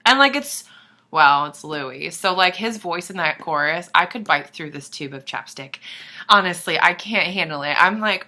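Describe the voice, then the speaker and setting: A young woman chatting to camera in a gushing, excitable way, swearing, dropping into whispers and bursting into squeals. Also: fairly low pitch, moderate pace. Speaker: vlogger. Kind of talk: casual chat to camera.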